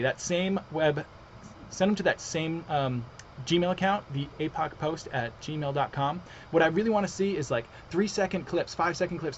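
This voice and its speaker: A man hosting a casual online livestream, chatty and excitable as he reads out viewer comments and announces winners. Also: a little high, lo-fi sound, a little hiss or hum. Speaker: livestream host.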